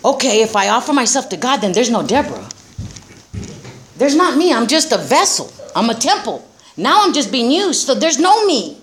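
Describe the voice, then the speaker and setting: This middle-aged woman addresses a group about recovery in plain-spoken, streetwise terms, cursing openly and often laughing. Her fairly high voice swings widely in pitch at a normal speed, with slight background noise present.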